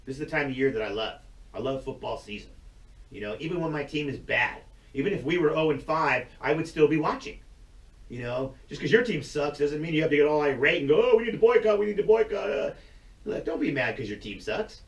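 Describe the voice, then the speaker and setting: A man's voice: on the high side, lively intonation, a little fast, far from the mic, highs cut off. A man hosting his own video channel, ranting bluntly and profanely in a rambling, casual way with frequent laughs. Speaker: YouTube channel host. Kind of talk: casual rant to camera. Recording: roomy sound, voice away from the mic.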